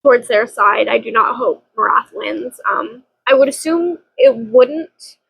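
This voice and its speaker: Young woman book vlogger, high-pitched, chatty and dramatic, frequent laughter. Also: unhurried, vocal fry, slightly rough, muffled recording. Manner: chatty, dramatic, laughs often, swears casually. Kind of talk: casual chat.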